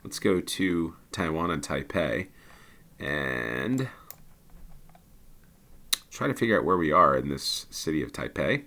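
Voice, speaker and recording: A man's voice: rumbling low, animated, takes it slowly, long pauses, pushed and bright. A man giving casual commentary on a geography game, thinking aloud and hesitating with many ums.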